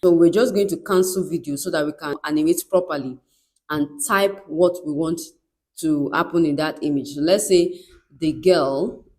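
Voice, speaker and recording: A woman's voice: deep voice, normal speed, darkish tone. A woman giving a step-by-step screen tutorial in an instructive way, often checking in with "right?". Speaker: tutorial presenter.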